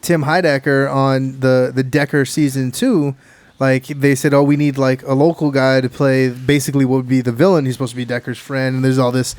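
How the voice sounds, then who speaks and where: A man's voice: mid-range voice, little pitch movement, a little fast, darkish tone, clean tone, no echo. Man, from hawaii, podcast host, rambling, restarts, dry close mic. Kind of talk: casual podcast chat.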